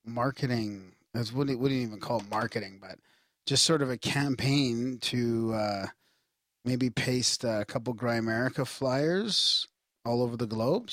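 A man's voice: medium pitch, a bit bright, dry recording. A man with a mid-range voice co-hosts a podcast in easygoing chat. He rambles through stories and announcements, often restarting mid-thought. He is recorded close and dry. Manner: laid-back, rambling. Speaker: podcast co-host. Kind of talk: casual chat.

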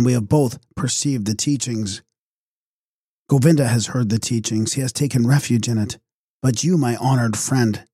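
A man's voice: medium pitch, dark tone, breathy edge, no room sound, studio quality, natural voice. A man voicing a shy, eager young disciple who presses his friend impatiently.

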